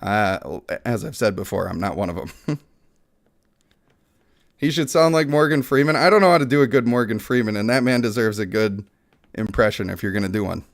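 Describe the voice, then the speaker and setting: A man's voice: lowish voice, lively intonation, normal speed. A man hosting a mobile gaming channel, chatting casually, laughing often and joking at his own expense, with bits of dramatic reading.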